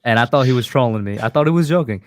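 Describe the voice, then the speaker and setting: Relaxed male panelist, mid-range voice, easygoing delivery. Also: medium pitch, racing, no echo, clean studio sound. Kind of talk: casual sports chat.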